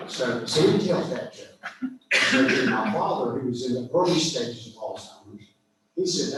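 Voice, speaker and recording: A man's voice: medium pitch, normal speed, noisy background. An older man gives a guest talk at a club meeting. He tells folksy stories and chuckles through his own jokes. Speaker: guest speaker. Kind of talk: anecdotal club speech. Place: large clubhouse meeting room. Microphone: distant from the microphone. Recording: echoey room, far from mic.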